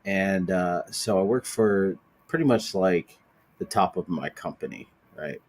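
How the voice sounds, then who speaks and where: Pria berbicara rendah, bercerita kasar. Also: male voice, low voice, a little slow. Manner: profane, animated storytelling. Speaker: podcast host. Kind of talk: casual chat.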